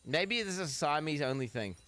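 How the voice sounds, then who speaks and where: Animated, foul-mouthed young male streamer. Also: on the high side, a little fast. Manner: profane, rambling, animated. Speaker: streamer reacting to videos. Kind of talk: casual chat.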